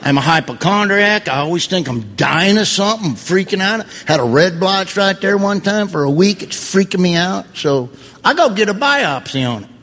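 A man's voice: high voice, expressive, moderate pace, fairly bright tone. A man doing stand-up comedy, with folksy, grumbling, self-mocking delivery. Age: 50s.

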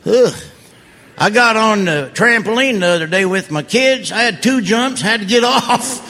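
A man's voice: sits high, expressive, normal speed, sharp tone. A man doing stand-up comedy, with folksy, grumbling, self-mocking delivery. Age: 50s.

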